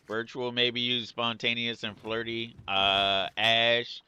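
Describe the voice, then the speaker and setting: A man's voice: medium pitch, takes it slowly, smooth, highs cut off. A man streaming a game, chatting casually with his viewers while eating. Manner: relaxed, answers chat while eating. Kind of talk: casual live-stream chat.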